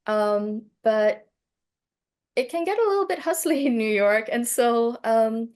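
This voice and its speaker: A woman's voice: on the high side, unhurried. Reflective woman with frequent ums. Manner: hesitant, many fillers and restarts; reflective, gently animated when telling a story. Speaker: speaker on plant medicine. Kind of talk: casual personal storytelling.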